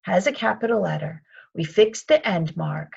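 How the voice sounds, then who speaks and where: A woman kindergarten teacher leads a recorded video lesson, speaking slowly and patiently in a sing-song way. Her voice is husky and gravelly, with a lot of fry. The sound is dull and lo-fi. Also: medium pitch, darkish tone. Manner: slow, patient, sing-song teacher talk, calls herself by her surname. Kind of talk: remote video lesson for young children.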